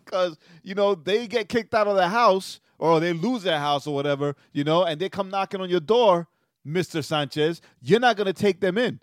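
A man co-hosting a casual podcast chat who talks in an animated, heated way and keeps adding "right?". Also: high voice, normal speed, no room sound, clean studio sound. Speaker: podcast co-host.

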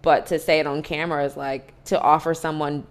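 A woman's voice: deep voice, flat delivery, fairly quick. A young woman co-hosting a casual chat about reality TV, rambling and restarting her thoughts. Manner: rambling, restarts, many fillers like "like" and "you know". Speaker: podcast co-host.

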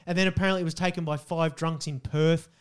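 Australian man, high voice, sweary comedic rant, shouts mock chants. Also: level tone, fast, clear, resonant tone. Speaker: podcast co-host.

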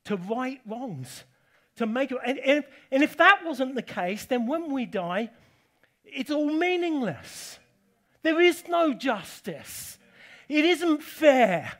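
A man from England preaching a sermon, emphatic and animated, with conversational asides to the congregation. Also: high-pitched, moderate pace.

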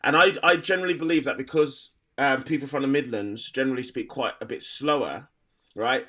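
A man's voice: mid-range voice, fairly quick, sharp tone. A man with a Black Country accent, a stand-up comedian chatting casually on a podcast, rambling with frequent restarts and laughter. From Black Country, England.

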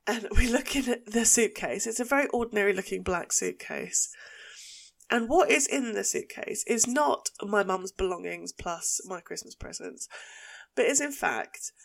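A woman with an Essex accent, hosting a podcast and telling a story in an animated, casual way, swearing freely. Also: medium pitch, moderate pace, creaky. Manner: animated, swears and laughs while telling stories. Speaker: podcast host.

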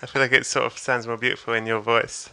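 A man's voice: mid-range voice, little pitch movement, quick pace, creaky, sharp tone, clean tone. A man co-hosting a podcast, chatting casually about films in a laughing, self-deprecating way. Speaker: podcast co-host. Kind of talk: casual film chat.

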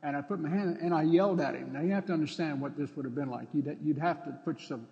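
A man preaching a sermon, telling stories and acting out dialogue with sudden loud outbursts. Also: a little high, fast talker, gravelly, in a large hall, muffled recording. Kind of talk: sermon with storytelling.

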